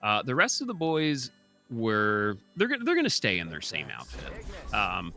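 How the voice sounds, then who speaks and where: Lively, bright-voiced male speedrunner. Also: on the low side. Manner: chatty and explanatory, frequent filler ums. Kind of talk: live speedrun commentary.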